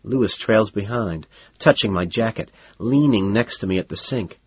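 A man narrating a novel in the first person with a cool, measured, low-key delivery. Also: darkish tone, slightly rough, no echo, dull audio. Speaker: audiobook narrator.

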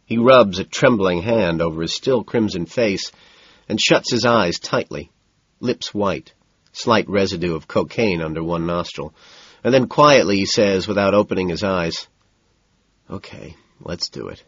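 A man reading first-person fiction as an audiobook narrator, in a measured, cool delivery. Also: deep voice, fairly bright tone, slightly rough, no room sound, highs cut off.

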